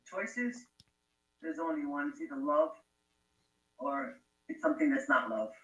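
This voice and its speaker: A man's voice: extremely high pitch, wildly swooping pitch, measured pace, bright, forceful tone, slightly rough, poor audio. A man in an online group, chatting casually and enthusiastically. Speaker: group participant. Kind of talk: casual chat.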